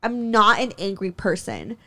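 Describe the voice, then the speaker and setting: A woman's voice: sing-song, a little slow, sharp tone. Young woman host spilling a story, fiery, sweary, lots of fillers and laughs. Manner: heated, profane, frequent laughs, many "like" fillers; jumps in pitch when worked up. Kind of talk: casual chat.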